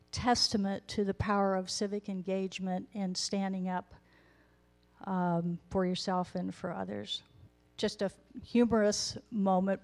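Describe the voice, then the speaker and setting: A woman's voice: mid-range voice, darkish tone. Candid woman in her fifties telling her story. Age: 50s. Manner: candid, self-deprecating, with wry humor. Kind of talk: personal storytelling talk.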